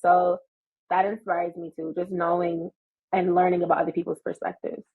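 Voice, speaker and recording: An American woman in her thirties, a podcast guest telling stories in an animated, laughing way. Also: on the low side, moderate pace, creaky, breathy edge, narrow, tinny audio. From United States. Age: 30s. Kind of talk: casual storytelling chat.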